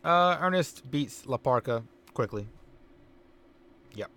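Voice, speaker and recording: Recapping a wrestling simulation game as a casual let's-play commentator, a man rambles with fillers and chuckles. His voice is a little high and a bit bright, with lively intonation and a measured pace.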